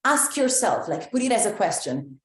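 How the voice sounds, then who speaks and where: A woman's voice: mid-range voice, big pitch swings, normal speed. Italian woman coaching, echoey room. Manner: many fillers and restarts, reflective. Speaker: embodiment coach. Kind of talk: live online talk to a group.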